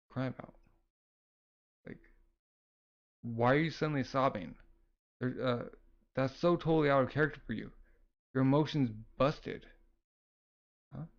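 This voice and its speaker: Man casually reading comics aloud, lo-fi. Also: medium pitch. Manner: loose, rambling, many fillers.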